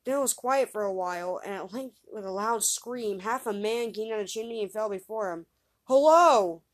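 A woman reading an old fairy tale aloud, lifting her pitch and volume for the characters' lines. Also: brisk. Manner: lively reader raising pitch and volume for quoted voices. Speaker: storyteller.

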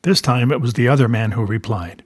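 A man reads a novel aloud at a steady, measured pace, his voice mid-pitched and ordinary for a man. The recording is dry and close, with no room around it. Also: husky, no echo. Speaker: reader.

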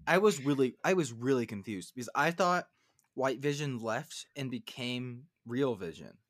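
A man co-hosting a podcast in casual chat, animated and rising to loud, high complaints when annoyed. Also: normal speed, no echo, studio quality. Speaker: podcast co-host.

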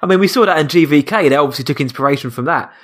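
A man's voice: a little high, expressive, very fast, fairly bright tone. Blunt man trading film banter. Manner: blunt, jokey, mocking asides. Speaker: podcast co-host. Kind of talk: casual film chat.

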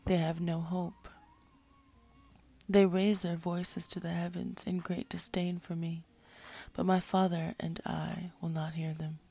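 A woman's voice: fairly low pitch, little pitch movement, measured pace, creaky, mellow, breathy edge, exaggerated voice. A woman voicing a solemn divine man. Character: calm, solemn divine man speaking with authority.

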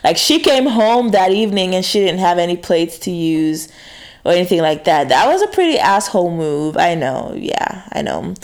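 A woman's voice: lowish voice, very animated, normal speed, darkish tone. A woman talks straight to her audience in a loose, confessional ramble. She is blunt and swears without hesitation, and her sentences keep restarting around fillers like "you know.". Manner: frank, swears freely, many fillers and restarts. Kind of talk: casual confessional monologue.

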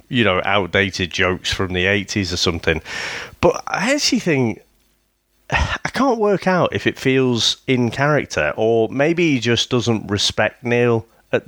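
Low, dry-voiced man. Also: fairly bright tone, no echo. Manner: thoughtful, analytical, slips into quick impressions. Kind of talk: casual chat reviewing a comedy series.

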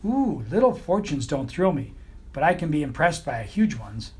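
A man's voice: a little high, very animated, normal speed, darkish tone. A man voicing a glamorous, flirtatious female beagle with a sultry, coy manner in an audiobook. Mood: teasing. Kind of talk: audiobook character voice.

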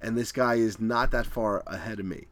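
A man's voice: fairly low pitch, fairly quick. A middle-aged man telling a race story in casual, profane chat, acting out what people said. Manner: animated, profane storytelling with acted-out quotes.

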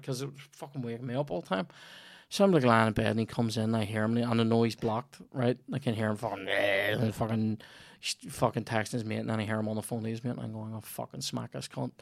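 A man with a Northern Irish accent, hosting a casual comedy podcast and telling a sweary, animated anecdote. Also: medium pitch, dry recording, clean studio sound. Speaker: podcast host.

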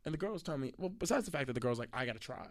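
A man with a slightly sick, raspy voice, casually telling a rambling, laughing, profane story on a studio podcast. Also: fairly high pitch, big pitch swings, rapid-fire. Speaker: podcast host.

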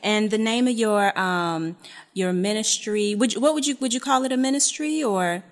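A woman's voice: mid-range voice, normal speed. A woman co-hosting a podcast, asking friendly questions. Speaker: podcast co-host. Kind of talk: casual interview chat.

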